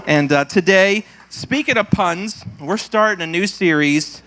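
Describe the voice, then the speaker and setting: A male pastor leading prayer and announcements, playful and quick to laugh at his own jokes, acting out puns in silly voices. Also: high voice, pushed and bright. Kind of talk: church service prayer and announcements.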